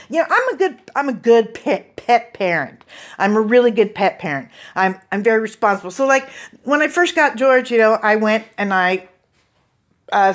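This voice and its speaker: A woman performing a stand-up comedy routine, telling a story with profane, deadpan asides. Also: medium pitch.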